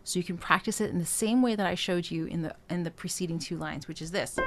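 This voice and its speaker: A woman's voice: lowish voice, fast, few pauses. A middle-aged woman vocal coach teaching a singing lesson, explaining technique and singing short demonstrations. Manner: encouraging, demonstrates phrases by singing them.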